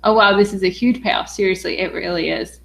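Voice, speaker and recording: A young adult woman hosting a casual livestream, bubbly and excitable, with lots of "um" fillers. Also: mid-range voice, brisk, vocal fry.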